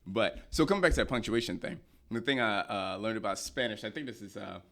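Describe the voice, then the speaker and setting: A man's voice: on the low side, animated, a little fast, fairly bright tone. A young man co-hosting a podcast, talking casually with wry, opinionated humor and frequent laughs. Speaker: podcast co-host. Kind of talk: casual chat.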